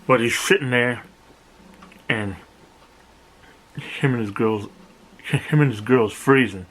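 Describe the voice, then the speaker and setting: A man's voice: mid-range voice, a little slow, pauses often, a little hiss or hum, poor audio. Profane guy telling a story. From South Jersey, USA. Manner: animated, profane, acts out other people's lines. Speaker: vlogger. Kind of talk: casual storytelling.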